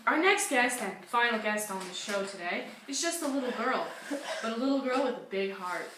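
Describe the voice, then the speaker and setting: A woman's voice: on the high side, lively intonation, normal speed, close to an everyday voice. A young woman playing a talk-show hostess who interviews her guests in a gushing, sympathetic way. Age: young adult. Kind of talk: school-project talk-show role-play. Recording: echoey room, distant mic, faint hum.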